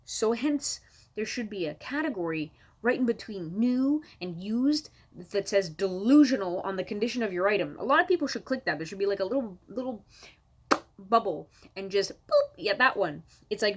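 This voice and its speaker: A woman's voice: medium pitch, lively intonation, moderate pace, breathy edge. Woman comic from Canada, home-recorded rant, sarcastic, exasperated, swears a lot. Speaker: comedian. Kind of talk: stand-up comedy rant to camera.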